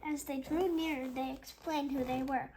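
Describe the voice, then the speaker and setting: A woman with a high, bright-pitched voice reads a children's chapter book aloud. She takes her time over each line, stumbling now and then and stopping for casual asides. A faint hiss sits under the voice. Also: steady tone. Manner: slow careful reading with small slips and chatty asides. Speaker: read-aloud host.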